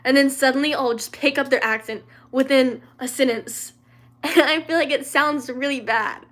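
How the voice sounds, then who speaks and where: A young woman hosts a casual livestream, answering viewers' questions in a slightly high voice. Her talk rambles, full of fillers, restarts and little giggles. She grew up in the American South. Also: moderate pace, a bit bright. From Louisiana, raised in the American South.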